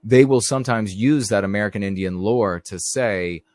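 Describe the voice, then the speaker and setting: A man's voice: on the low side, moderate pace, a little mellow, no echo. A middle-aged man hosting a live stream, telling rambling stories in a casual monologue and talking straight to his viewers. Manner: rambling storyteller, addresses viewers directly.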